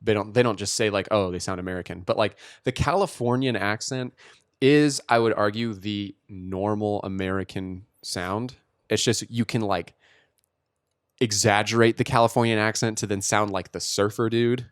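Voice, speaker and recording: Laid-back, low-voiced man on a podcast. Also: steady tone, moderate pace, no room sound, clean studio sound. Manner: laid-back, profane, laughs often. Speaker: podcast co-host. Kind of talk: casual podcast chat.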